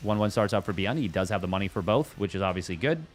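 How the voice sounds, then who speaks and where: Jokey excitable male game caster. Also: deep voice, fast talker. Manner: jokey, excitable, riffs and sing-songs. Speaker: esports caster. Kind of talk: solo game commentary.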